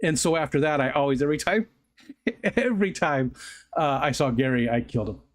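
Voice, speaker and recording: A man's voice: fairly high pitch, expressive, brisk. A middle-aged man hosting a livestream, telling rambling stories in casual chat, often correcting himself and laughing. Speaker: livestream host.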